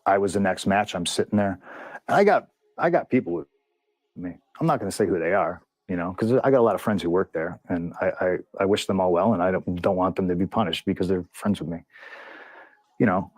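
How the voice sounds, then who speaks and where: A man's voice: sits low, fairly quick, a little mellow, no room sound. A man telling a backstage story in an interview, heated and profane, acting out what others said. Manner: profane, heated retelling with lots of quoted dialogue. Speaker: interview guest, pro wrestler. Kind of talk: candid storytelling in a long-form interview.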